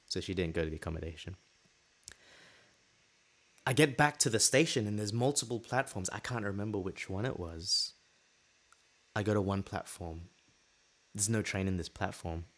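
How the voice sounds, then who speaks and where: A man with a fairly low voice tells a personal story as a podcast host. His delivery is casual and animated, and he slips into the voices of the people in the tale. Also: moderate pace, pauses often. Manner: lively anecdote telling, acting out the dialogue.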